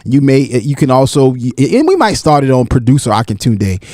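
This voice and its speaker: A man's voice: medium pitch, big pitch swings, normal speed, darkish tone, no room sound, studio quality. A man hosting a casual live audio-room talk show, opinionated and preachy, often repeating and restarting words.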